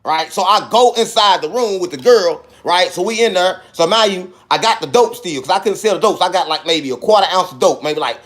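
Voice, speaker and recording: A man's voice: a little fast, hardly any pauses. A man telling a wild personal story in casual speech, acting out the dialogue and punctuating it with sound effects. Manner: animated, acts out dialogue with sound effects like "boom".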